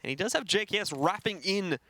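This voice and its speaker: A man calling a live esports match play by play, energetic and rapid, speaking into a headset. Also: high voice, no echo. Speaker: esports commentator.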